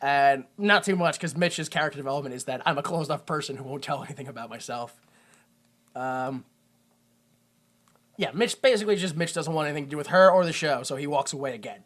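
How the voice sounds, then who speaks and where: A young man co-hosting a podcast casually recaps a movie plot, tossing in jokey asides. He talks fast in a fairly bright voice that sits on the high side.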